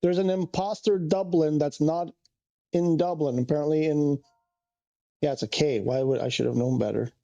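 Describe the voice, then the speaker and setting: A man's voice: fairly high pitch, fairly even intonation, normal speed, vocal fry, dark tone, highs cut off. A man streaming a flight game, chatting casually and thinking aloud as he corrects himself. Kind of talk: casual live-stream chat.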